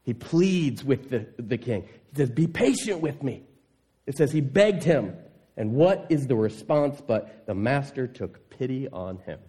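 A man preaching a sermon, reading scripture and acting out indignant voices. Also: unhurried. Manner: animated, voices indignant listeners with rising pitch. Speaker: pastor.

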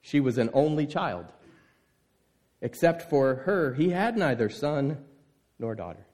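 A man preaching a sermon, telling a scripture story with lively, voiced exclamations. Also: mid-range voice, unhurried.

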